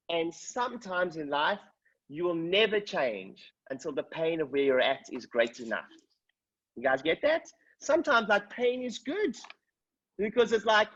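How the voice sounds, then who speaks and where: Man, husky voice, motivational coaching talk, energetic storyteller, dull lo-fi call audio. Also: sits high. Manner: energetic, storytelling, checks in with listeners. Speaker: coach speaking to a coaching group. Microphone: video call.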